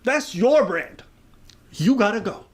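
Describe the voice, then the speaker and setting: A man's voice: high-pitched, animated, slow, husky. A man co-hosting a casual reaction chat, arguing his point and explaining it with examples. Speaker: co-host.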